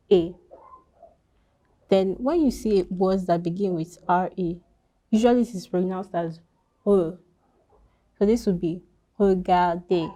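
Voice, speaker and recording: A woman with a medium-pitched, dark-toned voice gives a slow French pronunciation lesson. She speaks carefully and repeats every example word.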